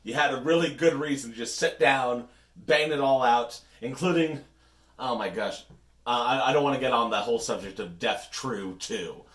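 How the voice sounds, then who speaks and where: A man's voice: mid-range voice, moderate pace, a bit bright, roomy sound. A man co-hosting a podcast, chatting casually with wry, rambling asides. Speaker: podcast co-host. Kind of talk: casual chat.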